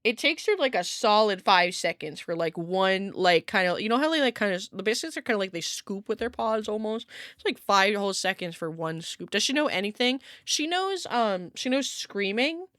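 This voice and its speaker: A woman streams from home and chats casually with her viewers. She rambles and fills her talk with "like", and she laughs often. Her pitch jumps around a lot, and the sound is dry and close. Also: expressive, normal speed, a bit bright, no echo. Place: home room with her cat.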